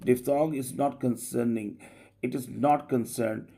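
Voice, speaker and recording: Slow gravelly-voiced male English teacher. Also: medium pitch, fairly even intonation, mellow. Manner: slow, drawn-out explaining with frequent rising "okay?". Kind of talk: online class lecture.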